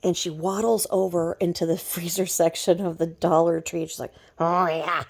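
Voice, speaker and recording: A woman's voice: on the low side, steady tone, brisk, creaky, dark tone. A woman ranting in a gossipy vlog, mocking someone and dropping to whispered asides. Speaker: vlogger.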